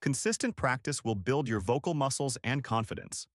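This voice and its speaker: A male instructor narrates a scripted lesson with clear, deliberate articulation. His pitch swings widely and expressively. The sound is close and dry, with no room around it. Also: expressive, no echo. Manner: clear, deliberate coaching delivery.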